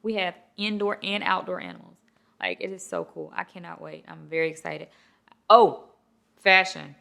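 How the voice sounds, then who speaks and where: A woman hosting a casual chat show, talking in an animated, chatty and playful way. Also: fairly low pitch, moderate pace, gravelly. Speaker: host.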